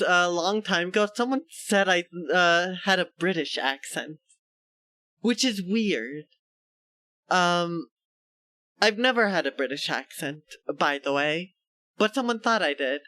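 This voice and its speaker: A man's voice: high-pitched, expressive, a little slow, bright, forceful tone, no echo. A male streamer chatting casually with his viewers, laughing often and poking fun at himself. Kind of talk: casual live-stream chat.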